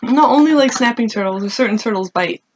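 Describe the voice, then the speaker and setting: A young woman with a slightly high voice, chatting on a podcast with a friend. She tells stories in an animated way, with plenty of fillers. The sound is a little dull and lo-fi. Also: brisk, a little hiss or hum. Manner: animated storyteller, lots of "like", laughs often. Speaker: podcast co-host. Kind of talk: casual chat.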